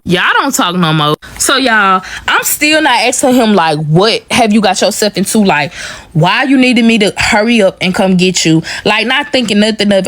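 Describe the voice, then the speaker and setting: A woman's voice: medium pitch, a bit bright. A young woman telling a story casually and animatedly, often addressing the viewers as y'all.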